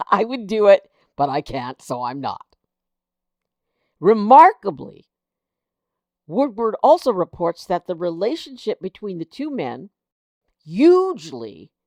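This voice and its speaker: A woman from the United States hosts her own political commentary show, reading headlines aloud and reacting with indignant, exasperated disbelief. Her mid-range voice has a darkish tone. It's clean studio sound without echo.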